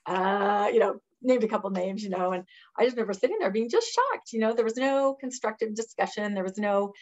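A woman in her fifties, appearing as an interview guest, tells stories in a lively conversational style, acting out the voices of the people she quotes and laughing often. Her mid-range voice moves a little fast, and the highs in the audio are cut off.

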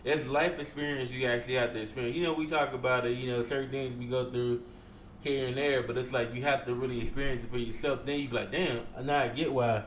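A man's voice: medium pitch, steady tone, fast, roomy sound, a little hiss or hum, rough recording. A young man co-hosting a podcast, chatting casually with slangy, laughing banter. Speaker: podcast co-host.

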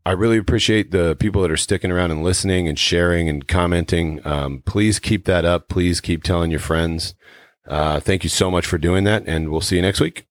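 A man hosting a wellness podcast, explaining in an earnest, measured way. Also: low voice, dry recording. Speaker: podcast host. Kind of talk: casual podcast chat.

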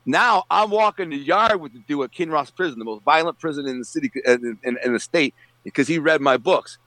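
A man's voice: on the high side, expressive, brisk, pushed and bright, dry recording. Middle-aged detroit guy rambling through a story, does little voices for people, dry close mic. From Detroit area, USA. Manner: rambling, streetwise, acts out quoted voices. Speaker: interview guest, author. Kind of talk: casual storytelling.

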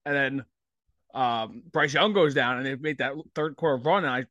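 A man co-hosting a sports podcast, talking in an animated, excitable way with heavy swearing. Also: medium pitch, moderate pace, no room sound, lo-fi sound. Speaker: podcast co-host. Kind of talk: casual sports podcast chat.

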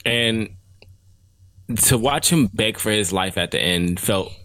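A man's voice: fairly low pitch, lively intonation, takes it slowly, fairly bright tone. A young man co-hosting a casual anime review chat, retelling scenes and quoting characters. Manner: storytelling, retells scenes with quoted voices. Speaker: podcast co-host.

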